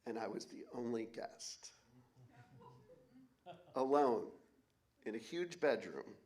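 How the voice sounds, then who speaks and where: Man, forties, live storytelling, wry, candid, swears freely. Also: mid-range voice. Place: auditorium stage.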